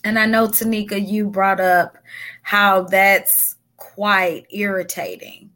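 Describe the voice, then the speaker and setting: A woman's voice: mid-range voice, flat delivery, slow pace, sharp tone. A woman hosting a casual podcast chat, leading the group with questions. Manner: leads the discussion, asks the group questions. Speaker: podcast host.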